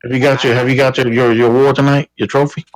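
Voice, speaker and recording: A man in a podcast debate who teases the others and jumps in with quick remarks. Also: mid-range voice, little pitch movement, dry recording, poor audio. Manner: teasing, quick interjections. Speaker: podcast co-host. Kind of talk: heated debate.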